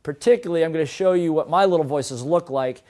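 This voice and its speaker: Animated man coaching an audience. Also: a little high, fast talker. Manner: rhetorical questions to the audience; animated, swings between quiet and emphatic. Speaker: business coach. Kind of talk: motivational seminar lesson.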